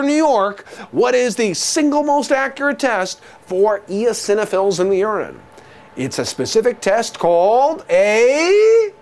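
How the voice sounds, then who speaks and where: A man giving a jokey exam review lecture who quizzes listeners with rhetorical questions and repeats key terms. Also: very high voice.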